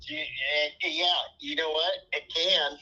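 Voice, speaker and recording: A man's voice: on the high side, steady tone, slow pace, pushed and bright, husky. A man selling a property, talking on a phone call in a casual, laid-back way while in a hurry.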